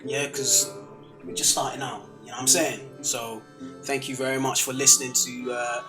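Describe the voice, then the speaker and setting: A man hosting a casual food show chat, relaxed and laughing often. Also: mid-range voice, normal speed, over music. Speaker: host.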